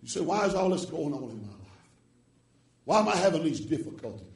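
A man preaching a revival sermon, swinging from hushed tones to chanted shouts with rhythmic "uh" breaths. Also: a little high, big pitch swings, brisk, echoey room, distant mic.

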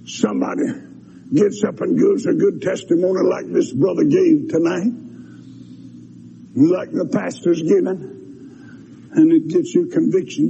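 A man preaching a revival sermon, shouting and then dropping low in turn. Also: gravelly. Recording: dull lo-fi recording with faint hiss.

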